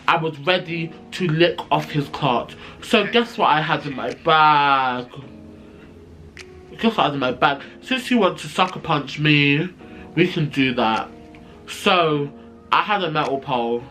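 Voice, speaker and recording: Guy spilling a storytime, kinda high voice, sassy and sweary, faint music behind. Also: unhurried. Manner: animated, sassy and profane, acting out quotes. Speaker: vlogger. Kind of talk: storytime vlog.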